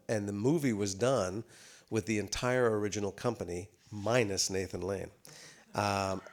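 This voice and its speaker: A man in his fifties, a guest actor on stage at a live talk, telling comic anecdotes full of fillers and restarts. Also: lowish voice. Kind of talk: storytelling on stage. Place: theater stage before a live audience.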